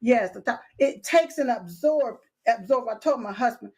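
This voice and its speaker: A woman's voice: fairly high pitch, animated, moderate pace, darkish tone, slightly rough. Chatty woman hosting live. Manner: chatty and playful, heavy fillers, laughs at herself. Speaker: show host. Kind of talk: casual live-stream chat.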